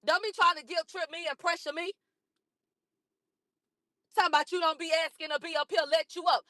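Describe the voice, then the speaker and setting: A hoarse woman from a cold, ranting combatively and profanely at critics on a livestream, repeating herself. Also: very high voice, fairly even intonation, brisk, sharp tone, no room sound, studio quality. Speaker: livestream host. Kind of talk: heated livestream rant.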